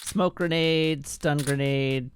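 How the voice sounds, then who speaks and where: A man's voice: fairly high pitch, fairly even intonation, takes it slowly, slight background noise. A man hosting a let's play, giving casual gameplay commentary in wry, muttering self-talk.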